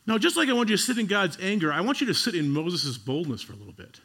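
Loud bursts give way to hushed, slow passages as this male pastor preaches in an animated, conversational style. His voice is high-pitched, with vocal fry.

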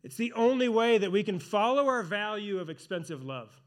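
Guy with a high voice preaching, earnest, leans hard on key words, slows down to hammer them. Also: animated. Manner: earnest, emphatic preaching with slowed stressed phrases. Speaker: pastor and elder. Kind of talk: sermon.

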